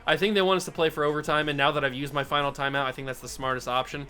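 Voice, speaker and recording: A man's voice: a little high, fairly even intonation, racing, sharp tone, soft background music. A young man hosting a football video game playthrough, commenting casually and mocking himself as he swings between groans and yelps. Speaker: gaming YouTuber host.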